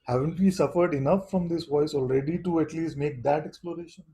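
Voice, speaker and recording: Mellow, husky-voiced male spiritual teacher. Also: a little high, poor audio. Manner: unhurried, questioning, keeps asking "you see?". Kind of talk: satsang talk to seekers.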